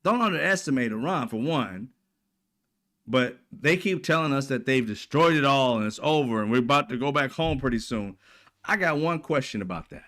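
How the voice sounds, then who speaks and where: A man hosting a casual political commentary, talking bluntly with profanity and animated asides, often acting out what other people might say. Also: mid-range voice, normal speed. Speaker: commentary channel host.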